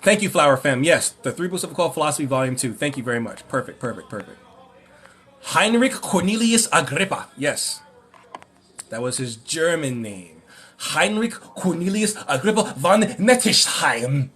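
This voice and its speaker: A man hosting a livestream Q&A, ranting and mocking in an animated way, often rambling and correcting himself. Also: medium pitch, normal speed. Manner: animated, mocking, breaks into laughter. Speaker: livestream host.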